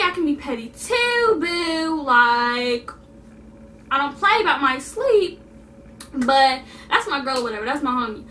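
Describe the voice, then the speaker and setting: A young woman telling a story in a casual vlog, animated and sassy, repeating lines for emphasis. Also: high voice, recorded from a distance, slight background noise. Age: young adult. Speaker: vlogger.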